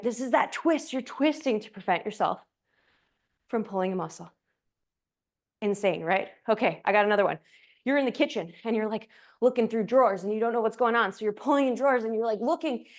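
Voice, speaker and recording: Woman, yoga instructor, fairly high voice, playful, chatty, slightly breathless. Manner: playful, chatty, jokey asides. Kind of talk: guided yoga class cues. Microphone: clip-on mic, sometimes moved off.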